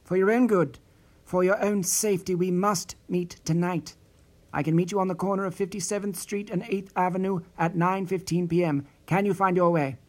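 A man voicing a secretive woman caller who speaks in a hurried, no-nonsense tone. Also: high voice, steady tone, darkish tone, close to an everyday voice. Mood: urgent.

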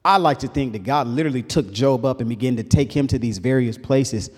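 A man preaching a sermon in an animated call-and-response style. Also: medium pitch, a little fast, breathy edge. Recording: reverberant hall.

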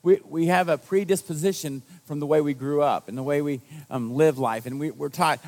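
A man's voice: a little high, brisk, few pauses. A male pastor giving a sermon to his congregation in a conversational, self-deprecating storytelling manner. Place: church service.

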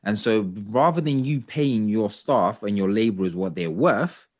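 A man co-hosting a podcast, talking in casual chat with an animated, exasperated, ranting manner. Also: lowish voice, normal speed. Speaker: podcast co-host.

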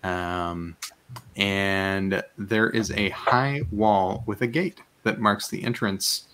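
Slow, low-voiced man narrating a game. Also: fairly bright tone, smooth. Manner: meandering, hesitant narration with many fillers. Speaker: game master.

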